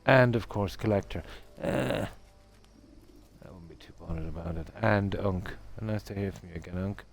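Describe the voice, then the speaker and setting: A middle-aged man from Ireland with a Midlands accent, a game streamer chatting casually and ramblingly with his viewers in a relaxed, self-deprecating way. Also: deep voice, normal speed, vocal fry, a little hiss or hum. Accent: Irish Midlands.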